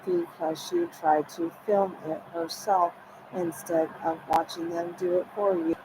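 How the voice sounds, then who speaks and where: A woman with a lowish voice delivers a rambling personal monologue in a flat, measured way, repeating herself and often relaying what others told her. The recording is noisy with ambient sound.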